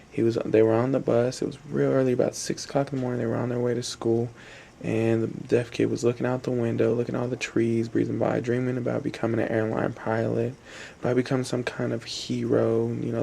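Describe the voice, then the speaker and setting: A man's voice: mid-range voice, completely flat delivery, a little fast, vocal fry, mellow, a little hiss or hum. A young adult man telling a long story in a rambling, repetitive way, with fillers and restarts. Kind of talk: spoken storytelling.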